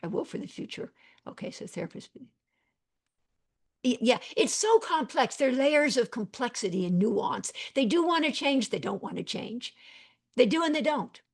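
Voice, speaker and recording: Gravelly, husky woman teaching online. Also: high voice, lively intonation, moderate pace. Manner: rambling, warm thanks, repeats phrases, many fillers. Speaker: psychiatrist and webinar teacher. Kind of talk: live online teaching, reading chat questions.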